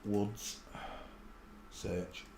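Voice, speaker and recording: A man's voice: lowish voice, level tone, very slow, vocal fry, warm tone, a little hiss or hum. A man hosting a casual live stream, rambling and muttering to himself as he searches for clips. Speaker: channel host. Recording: echoey room.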